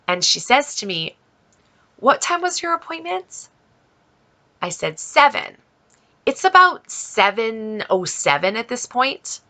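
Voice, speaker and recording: Bright-voiced woman telling a story. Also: mid-range voice. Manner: animated storyteller acting out both sides of a conversation. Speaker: vlogger. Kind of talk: storytelling vlog.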